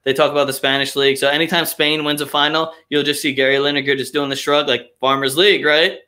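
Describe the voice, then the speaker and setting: A young man hosts a loose soccer talk stream and rants with heavy swearing and strong opinions. His voice is bright and edgy and sits a little high. He often breaks into mocking impressions of other people. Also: level tone, quick pace. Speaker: podcast host. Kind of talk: casual soccer chat, live stream.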